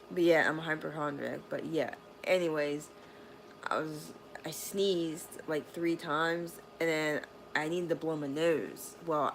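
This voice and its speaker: A woman with a low-pitched voice tells a casual storytime vlog from her bedroom. She rambles with plenty of fillers and swears freely. A faint background noise sits under her voice. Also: a bit bright, low-quality recording. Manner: rambling, profane, lots of fillers. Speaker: vlogger. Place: bedroom at home.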